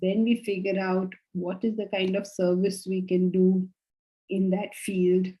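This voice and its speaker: A woman's voice: medium pitch, little pitch movement, measured pace, dark tone, poor audio. A woman teaching a spiritual class, explaining patiently and often checking that students follow. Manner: explanatory, checks understanding with questions. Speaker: Vedanta teacher.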